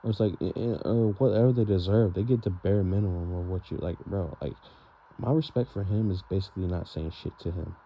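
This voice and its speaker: A young man vents in a rambling, frustrated monologue, leaning on fillers and "bro". His voice sits low with a gravelly, creaky edge. The recording is dull and lo-fi, with faint hiss underneath. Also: fairly quick. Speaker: vlogger. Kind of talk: venting monologue. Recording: dull lo-fi sound with faint noise.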